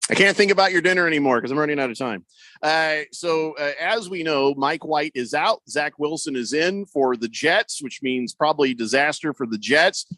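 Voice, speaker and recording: A man's voice: a little high, lively intonation, normal speed, pushed and bright, no room sound. A man hosting a sports radio show, rambling and joking, acting out quotes in mock voices. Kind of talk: casual sports talk.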